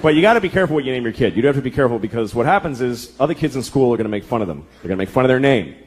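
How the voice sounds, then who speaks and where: A man in his thirties doing a stand-up comedy set, ranting profanely and deadpan, acting out voices. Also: mid-range voice, racing. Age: 30s. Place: comedy club stage before a live audience. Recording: live room with crowd laughter and noise. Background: audience laughter.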